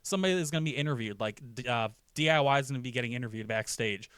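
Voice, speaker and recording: A man's voice: mid-range voice, very fast, fairly bright tone, clean tone, dry recording. A man giving casual, profane, jokey commentary on a wrestling storyline, acting out short quotes along the way.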